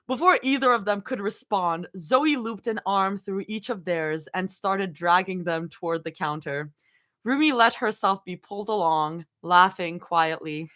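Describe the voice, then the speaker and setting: A woman's voice: mid-range voice, animated, unhurried, pushed and bright. A young woman reading fanfiction aloud on a livestream, often breaking into giggles and chatting with viewers. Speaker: fanfiction reader and streamer. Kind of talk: live reading with reactions.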